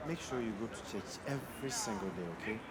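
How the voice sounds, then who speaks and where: A man with a Ghanaian accent playing a kind, devout young Christian who talks earnestly and gently preaches, in an amateur church drama. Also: fairly low pitch, fast, over a noisy crowd, natural voice. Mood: warm, encouraging.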